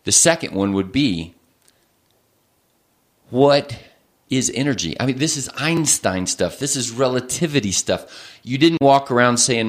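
A man's voice: medium pitch, lively intonation, normal speed. A man who is a family doctor, explaining things thoughtfully in an interview, often restarting his sentences.

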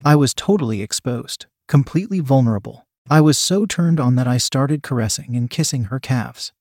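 A man reads a story aloud in a steady, even voice, close to the mic. The sound is dry, with no room around it, and his pitch sits in the middle. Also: normal speed, no room sound. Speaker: story narrator. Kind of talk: scripted first-person narration.

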